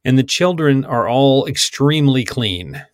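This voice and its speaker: A middle-aged man chats about movies with animated, wry asides. His voice sits mid-range. The sound is dry and close, with no room echo. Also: medium pitch, unhurried. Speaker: podcast co-host. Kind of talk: casual film discussion.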